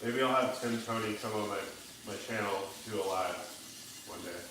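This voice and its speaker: A livestream host with a fairly low voice at normal speed chats casually, reading viewer comments in a laid-back, joking, profane way. The room is echoey and the background noisy.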